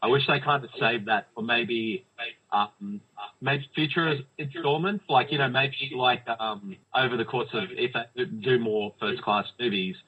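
Husky, bright-toned man reviewing films. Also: mid-range voice, a little slow, muffled recording. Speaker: podcast co-host. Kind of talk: casual movie review chat.

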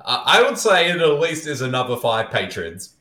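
A man riffs on a movie with his co-host, giggling through his jokes. His voice is lively and bright. The room sounds echoey, with faint music behind. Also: mid-range voice, normal speed. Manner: giggly, laughs often. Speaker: podcast co-host. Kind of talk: casual movie riffing commentary.

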